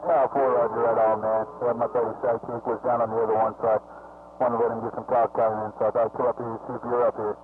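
A man's voice: medium pitch, little pitch movement, rapid-fire, a little hiss or hum. A man calling in on CB radio, friendly and using radio codes. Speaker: CB radio caller. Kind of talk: casual radio chat. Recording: tinny radio transmission with music.

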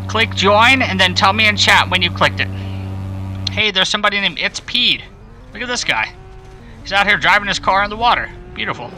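A man's voice: high voice, expressive, a little fast, pushed and bright, faint music behind, low-quality recording. A man hosting a live game stream, chatting playfully and greeting viewers by name as he plays.

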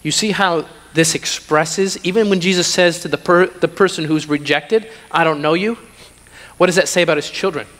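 A man's voice: on the high side, normal speed, fairly bright tone. A man preaching a sermon in a church, emphatic, repeating phrases for stress. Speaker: pastor. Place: church sanctuary. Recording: long hall reverb.

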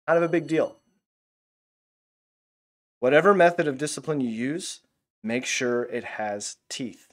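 Man, mid pitch, casual animated Bible teacher, loose and chatty. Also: takes it slowly, long pauses. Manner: casual and animated, many fillers. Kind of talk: Bible lesson.

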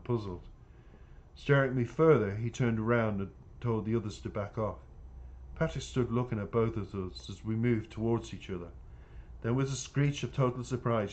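A man, an author reading his own book aloud in an unhurried first-person narration with small stumbles. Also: lowish voice, darkish tone.

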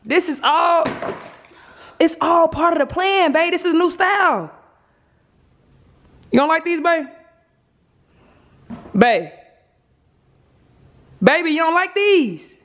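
A woman's voice: extremely high pitch, animated, slow pace, long pauses, a bit bright. A young woman hosting a casual prank vlog, talking in a playful, teasing, coaxing way. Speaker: vlog host.

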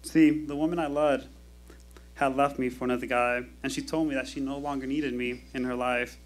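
A man telling a personal story at a live storytelling show, in a wry, measured delivery with dramatic pauses, into a stage microphone. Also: medium pitch, steady tone.

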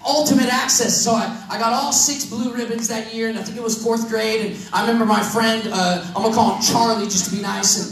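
A high-voiced young man from Missouri tells a sermon story in a loose, self-mocking, joking way. He sounds distant from the mic, with a big echo around him and faint room noise. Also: steady tone, brisk, hardly any pauses, a bit bright. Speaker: preacher. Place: church hall. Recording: echoey hall from far off.

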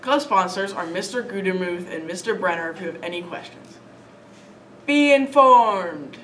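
A woman anchoring scripted school announcements in a steady, read-aloud delivery. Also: on the low side, fairly quick. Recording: distant mic with faint noise.

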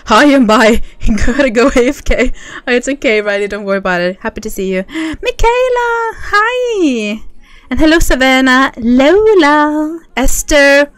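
A woman's voice: sits high, normal speed, hardly any pauses, fairly bright tone, no echo. A young woman streaming a game, chatting casually and bubbly, greeting viewers by name and laughing often. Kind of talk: casual livestream chat.

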